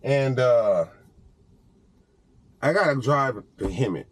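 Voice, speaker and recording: Speaking slowly to his camera, a man tells vlog stories in an animated, profane way, laughing often as he goes. His mid-range voice has a slight roughness, and there's no echo.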